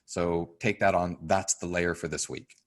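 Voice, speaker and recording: A man's voice: low-pitched, steady tone, unhurried. A man teaching a course in a conversational way, with lots of fillers and "right?" checks. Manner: acts out quoted voices, loud and soft. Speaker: course instructor. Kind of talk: teaching a class.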